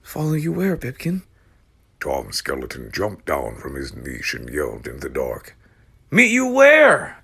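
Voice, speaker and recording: A man voicing an excited, anxious young boy who yells high and loud. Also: unhurried, gravelly, slightly rough, exaggerated voice. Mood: alarmed.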